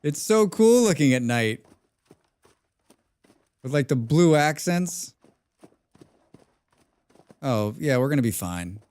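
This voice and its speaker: A man's voice: medium pitch, big pitch swings, slow, pauses often, darkish tone, smooth, no echo. A man live-streaming a survival game, chatting casually with his viewers and repeating his own phrases. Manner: chatty, talks to himself and chat, repeats phrases.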